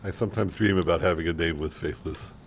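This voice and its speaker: A man hosting a comedy radio show, trading dry, deadpan jokes with his co-host at a studio microphone. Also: low-pitched, fairly quick, slight background noise. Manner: dry sarcastic deadpan joking.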